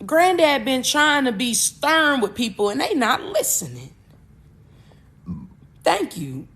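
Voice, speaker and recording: A woman hosting a podcast, talking casually and expressively with rambling asides and sudden loud bursts. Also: high-pitched, very animated, slow. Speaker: podcast host. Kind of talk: casual spiritual talk.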